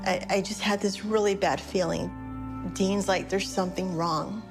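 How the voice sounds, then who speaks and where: A woman in an interview telling a personal memory in a quick, earnest way. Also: medium pitch, steady tone. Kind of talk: personal recollection. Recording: music bed under voice. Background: music.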